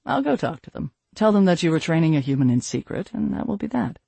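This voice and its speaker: Man playing a pompous young elf guy, smug and foolish, fairly high voice, gravelly edge. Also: very animated, fast, warm tone, no room sound, full character voice. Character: foolish swaggering young male elf half-brother.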